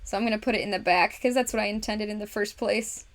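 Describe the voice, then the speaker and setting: On a casual craft livestream, a woman with a medium-pitched, fairly even voice talks fast. She chats with viewers in the chat, narrates each step to herself, and laughs often.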